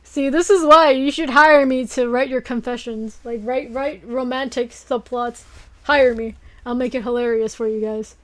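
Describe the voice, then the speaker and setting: A young woman streamer rambling in a casual late-night chat, breaking into giggles and excited fangirling. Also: fairly high pitch, moderate pace.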